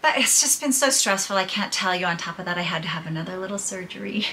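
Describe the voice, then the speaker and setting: A woman's voice: medium pitch, lively intonation, fast, sharp tone, slight background noise. A middle-aged woman vlogging to her viewers, telling her personal troubles in a candid, chatty way and laughing through them. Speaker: podcaster and vlogger. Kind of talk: casual personal storytelling to viewers.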